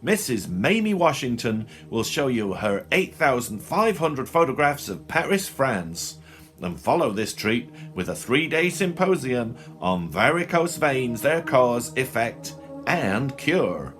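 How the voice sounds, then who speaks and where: A man's voice: a little high, very animated, a little slow, few pauses, a bit bright, faint music behind, pitched above the performer's own voice. Man doing a brash record announcer. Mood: showy. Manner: showy announcer patter.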